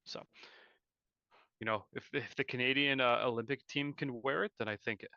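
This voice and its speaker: A man's voice: medium pitch, steady tone, normal speed, sharp tone, clean tone, no room sound, dull audio. A man co-hosting a live hockey stream, chatting casually with a rambling, filler-heavy manner. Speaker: podcast co-host.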